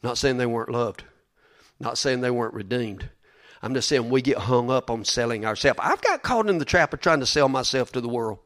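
A man's voice: medium pitch, lively intonation, a little fast. A man preaching a sermon in a folksy, emphatic way, often repeating his words.

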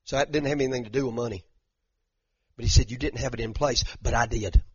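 Animated preacher, husky voice. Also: male voice, medium pitch, fast talker, no echo. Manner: animated, dramatic retelling, frequent repeated "and"s, southern "y'all". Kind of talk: sermon. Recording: dull lo-fi sound.

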